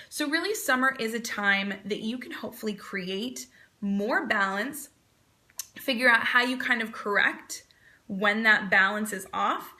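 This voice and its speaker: A woman in her thirties, a performance coach, giving calm, encouraging advice on a live video talk. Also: medium pitch.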